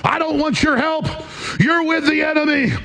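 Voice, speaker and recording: A man putting on the voice of an angry, defiant politician, shouting and dismissive. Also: very high-pitched, fairly even intonation, moderate pace, creaky, pitched above the performer's own voice, heavily acted.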